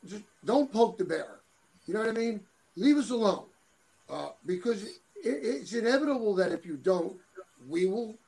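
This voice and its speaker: A man's voice: high voice, a little mellow, husky, rough recording. A middle-aged man chatting as a guest, rambling and repeating words as he searches for them. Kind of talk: casual chat.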